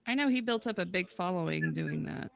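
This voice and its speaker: A woman's voice: lowish voice, lively intonation, a little fast, vocal fry, no room sound. A woman co-hosting a live art stream in casual chat, mostly agreeing in short replies. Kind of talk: casual chat while drawing.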